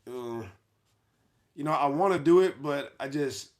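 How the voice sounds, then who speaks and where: A man's voice: on the high side, measured pace. A man hosting a livestream, reading chat comments aloud in a brash, mocking way and laughing at his own jokes. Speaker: livestream host.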